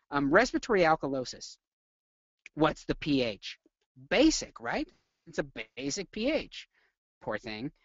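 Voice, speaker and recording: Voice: medium pitch, fairly bright tone, no echo, muffled recording. A nursing lecturer giving a live webinar, full of energy, quizzing the viewers and acting out symptoms.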